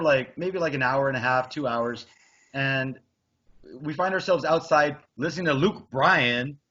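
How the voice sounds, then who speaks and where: A man's voice: a little high, fairly bright tone, husky. A man in his thirties telling a crude, rambling story with lots of profanity on a podcast. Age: 30s. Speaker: podcast co-host. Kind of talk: casual storytelling. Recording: dull lo-fi audio.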